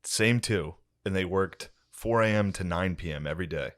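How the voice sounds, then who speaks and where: A young man with a fairly low voice spins a casual story on a podcast. He talks in a deadpan, profane way, building up to each turn of the tale. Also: normal speed, no room sound, clean studio sound. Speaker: podcast co-host.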